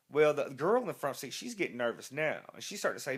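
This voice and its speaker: A man's voice: mid-range voice, sing-song, fairly quick, hardly any pauses. A man, a rock musician being interviewed, telling a rambling, profane anecdote full of restarts. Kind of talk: casual storytelling interview.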